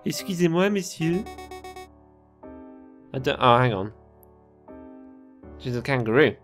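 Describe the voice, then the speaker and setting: A man's voice: medium pitch, lively intonation, a little slow, soft background music, natural voice. A man voicing a poor starving female kangaroo mother in a put-on Cockney accent, pleading and coughing.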